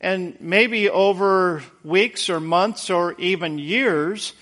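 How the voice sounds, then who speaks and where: A man's voice: high voice, takes it slowly, a bit bright. A man preaching a conversational sermon in an earnest, folksy way, repeating words for emphasis.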